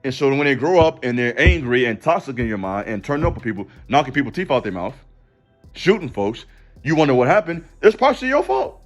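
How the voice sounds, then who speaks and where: A man's voice: medium pitch, lively intonation, fairly quick, faint music behind. A man giving a passionate, preachy commentary monologue on his channel, direct and full of slang. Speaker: YouTube commentator and counselor.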